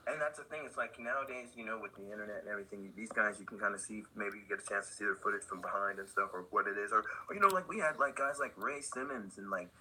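A middle-aged man, a veteran pro skater, telling rambling animated stories as a podcast guest. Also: lowish voice, fast, few pauses, a little hiss or hum, low-quality recording. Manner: rambling, animated, full of "like" and laughs. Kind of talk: casual storytelling in a podcast interview.

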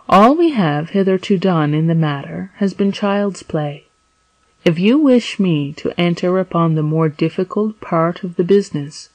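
A woman's voice: lowish voice, a little mellow, dry recording, lightly acted, rough recording. A woman reading as a wise old priest. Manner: measured, probing questions. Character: wise elderly male prisoner priest, calm and shrewd.

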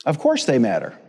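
Pastor preaching in echoing church. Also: male voice, medium pitch, darkish tone. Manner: preaching with humor and repetition, calls for audience responses. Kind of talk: sermon. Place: church sanctuary. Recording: long church hall reverb.

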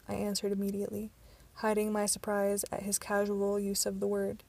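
Amateur woman audiobook narrator, gravelly and flat, some stumbles and restarts. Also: medium pitch, normal speed, few pauses.

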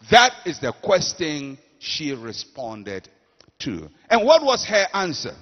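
Man, pastor, emphatic sermon, high lively voice, long hall echo, muffled sound. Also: slow. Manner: emphatic preacher, calls for congregation responses, acts out quotes.

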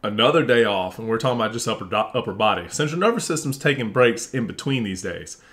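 A man talks straight to his listeners in a loose, unscripted monologue. He is blunt and animated, with a mid-range voice, and drops a curse word now and then. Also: medium pitch, quick pace. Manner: animated, mimics others in quoted voices, swears; frustrated and blunt when venting. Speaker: vlogger. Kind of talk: casual monologue.

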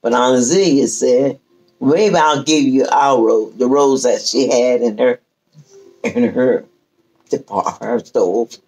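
Poor audio carries this older woman's very deep voice as she shares a family story in relaxed conversation. A storyteller guest, she speaks in a lively, drawn-out way and performs the quoted words of her relatives.

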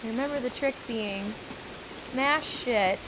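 A woman's voice: a little high, measured pace, background noise. A woman chatting casually while playing a video game on stream, swearing freely and talking to her chat and her cat. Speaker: let's-play streamer. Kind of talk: casual gameplay commentary.

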